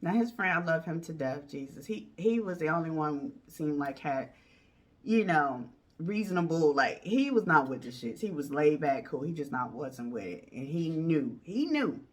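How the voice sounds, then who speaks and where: A woman's voice: low-pitched, moderate pace, recorded from a distance. A woman vlogger telling a dramatic personal story in casual slang, acting out what other people said. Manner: animated, acts out other people's lines in raised voices.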